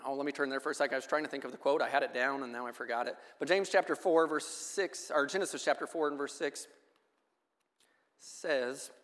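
A man preaching a sermon at a measured pace, reading scripture aloud in a church hall. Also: mid-range voice, fairly bright tone. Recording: long echo of a hall.

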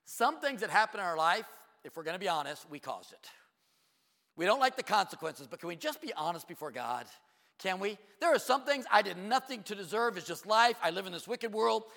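A middle-aged man preaching a sermon, firing rhetorical questions and asides, sometimes dropping to a hush. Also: high-pitched, creaky. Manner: animated preaching with quick asides, rhetorical questions and hushed drops. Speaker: pastor. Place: church sanctuary. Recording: long reverb of a large hall.

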